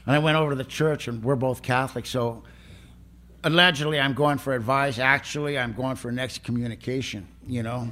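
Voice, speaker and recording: An older man giving a personal recovery testimony, plain-spoken and emotional, with rough humor. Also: medium pitch, fairly bright tone. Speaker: recovery meeting speaker.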